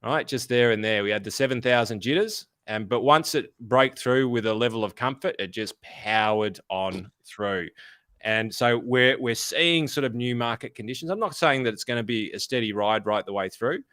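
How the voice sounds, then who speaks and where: A man's voice: medium pitch, normal speed, a bit bright, no room sound, clean studio sound. An Australian man co-hosting a finance podcast, talking bluntly and swearing freely in casual chat. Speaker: podcast co-host.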